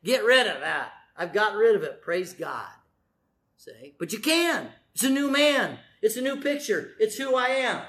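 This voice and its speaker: Male preacher, high-pitched, animated sermon delivery with repeated emphatic phrases. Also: moderate pace, echoey room.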